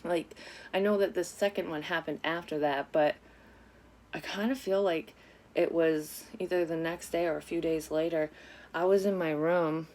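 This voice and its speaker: A woman's voice: sits low, fairly even intonation, moderate pace, a little mellow. A woman vlogger candidly telling a personal story in a casual, rambling way, with lots of swearing and frequent self-corrections. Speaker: psychic medium vlogger.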